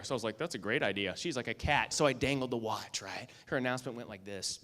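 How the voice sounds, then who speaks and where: A man giving a motivational keynote speech, telling a story with lively acted-out lines and asking the audience "okay?" and "right?" again and again. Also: medium pitch, fast, hardly any pauses, a little hiss or hum. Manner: animated storyteller, acts out lines, asks "okay?" and "right?" often. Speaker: keynote speaker and magician.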